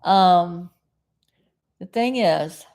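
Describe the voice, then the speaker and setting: A woman's voice: lowish voice, extremely slow, darkish tone. A middle-aged woman from South Florida hosting a casual live stream, chatting in a meandering way and often losing her train of thought.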